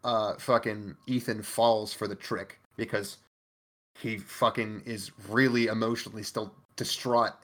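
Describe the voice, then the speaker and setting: A man's voice: fairly low pitch, level tone, a little slow, fairly bright tone. A man co-hosting a podcast, casually recapping an anime in a profane, emphatic way. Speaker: podcast co-host.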